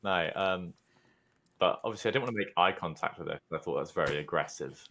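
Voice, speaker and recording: A man with a very low, deep voice, co-hosting a podcast. He trades crude jokes and easy banter with his friends. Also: fast talker, pushed and bright. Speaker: podcast co-host. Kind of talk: casual chat.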